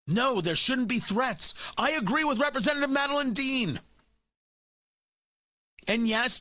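A man's voice: high-pitched, sharp tone, dry recording. A man hosting a talk radio show, giving opinionated, mocking commentary from a studio microphone.

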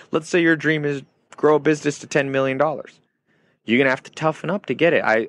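A man's voice: on the low side, a bit bright, dry recording. A man hosting a podcast, delivering an emphatic motivational monologue in short, punchy phrases that repeat key points. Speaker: podcast host.

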